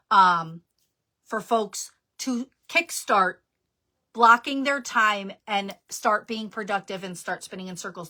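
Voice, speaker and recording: A woman's voice: medium pitch, bright, forceful tone. A woman from New Jersey with a New Jersey accent, chatting casually and laughing at herself while giving business tips on a live stream. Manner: chatty, laughing, self-deprecating. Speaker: jewelry business guest speaker.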